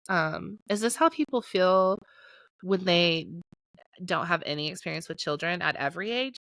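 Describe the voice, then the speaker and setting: A woman's voice: fairly low pitch, creaky, a bit bright, no room sound. A woman in her late thirties co-hosting a podcast, telling stories with lots of laughter and acted-out quotes. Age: late 30s. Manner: storytelling, laughs often, acts out quotes. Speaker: podcast co-host. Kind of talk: casual chat.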